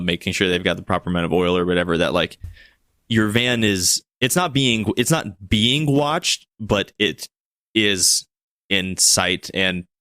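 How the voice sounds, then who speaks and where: A man narrating as game master of a tabletop game, in a halting way with many restarts. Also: low-pitched, sharp tone, no echo, studio quality.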